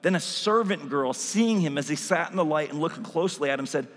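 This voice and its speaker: A man's voice: fairly high pitch, lively intonation, a little fast, fairly bright tone, big-room sound. A man preaching a sermon in a casual, conversational way, full of asides and "like"s. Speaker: pastor.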